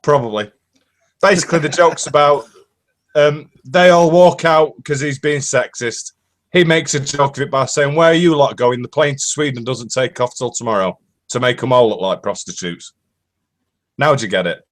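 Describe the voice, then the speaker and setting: A man's voice: medium pitch, moderate pace. A British man co-hosting a casual live-stream chat, telling jokes and bantering. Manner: joking banter, tells jokes. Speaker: co-host.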